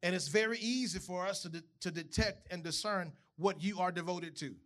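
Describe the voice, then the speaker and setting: Preacher, high bright voice, chatty sermon style that keeps asking the congregation questions. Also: male voice, normal speed. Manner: conversational, asks the congregation questions. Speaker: pastor. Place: church.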